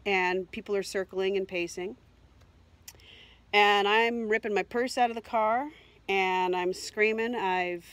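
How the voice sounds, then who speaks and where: A middle-aged woman vlogger telling an emotional personal story, rambling and upset, with many fillers and repeats. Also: medium pitch.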